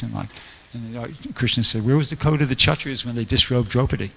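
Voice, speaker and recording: A man's voice: mid-range voice, fast, creaky, few pauses, fairly bright tone, big-room sound. A man giving a casual scripture class, telling stories in a rambling way with many fillers. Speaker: temple lecturer. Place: temple hall.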